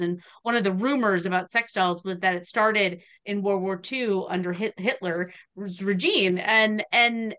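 A woman's voice: medium pitch, pushed and bright. A woman guest in casual podcast chat, earnestly explaining her point at length.

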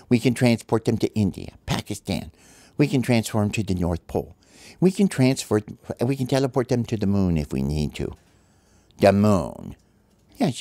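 A man voicing calm, brainy sparrow scientists who explain a teleporter in a formal, precise way. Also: lowish voice, no room sound.

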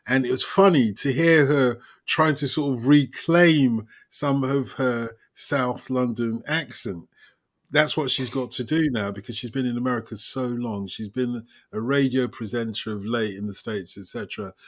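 A man hosting a conversation, telling stories in a lively, opinionated way. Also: mid-range voice. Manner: storytelling, animated and opinionated. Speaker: host. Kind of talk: casual chat.

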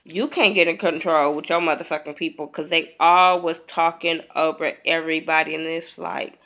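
A woman's voice: deep voice, fairly even intonation, normal speed, fairly bright tone. A woman vlogger, sick, giving a blunt, profane, chatty review. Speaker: vlogger reviewing a reality show. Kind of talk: casual spoken review.

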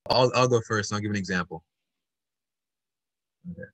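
A man's voice: on the low side, brisk, a bit bright, no room sound. A man instructing an online puppetry workshop over a video call, patient and encouraging as he explains step by step.

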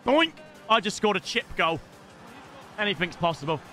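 A young British man commentating live on his own gameplay, excitable and casual, swearing freely and shouting at big moments. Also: high-pitched, normal speed, long pauses, soft background music. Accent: British English. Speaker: gaming streamer.

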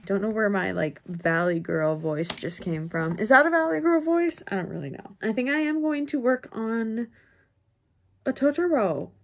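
A young woman talks to the camera as she crochets at home. She rambles, thinks aloud and pokes fun at herself in a relaxed, chatty way. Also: medium pitch. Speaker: crochet vlogger. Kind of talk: casual chat while crocheting.

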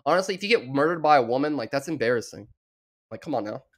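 A man's voice: mid-range voice, expressive, fast. A young man from the American South with a Southern accent, rambling crudely and mockingly while reacting to a show as a streamer. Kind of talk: profane reaction commentary.

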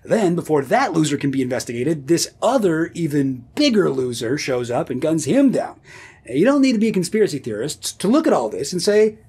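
A man who hosts his own video series, narrating history in a comedic scripted style with sardonic deadpan asides. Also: on the high side, a little fast, breathy edge. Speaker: video host.

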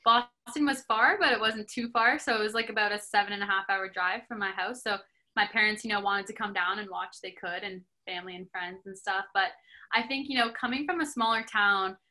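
A woman's voice: mid-range voice, fairly quick, sharp tone. A young woman from Canada, a hockey player and podcast guest, chatting casually with many filler words. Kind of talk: casual interview chat.

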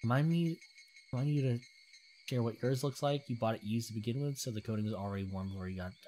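A woman's voice: rumbling low, fast, dark tone, slight background noise. A young woman streaming a game, chatting casually and explaining the story in a rambling way. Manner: chatty, rambling, reads game text aloud.

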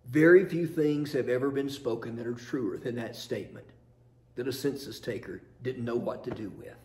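A man's voice: mid-range voice, moderate pace, a little mellow. A man preaching a sermon as pastor in a chapel, earnest and storytelling, posing rhetorical questions.

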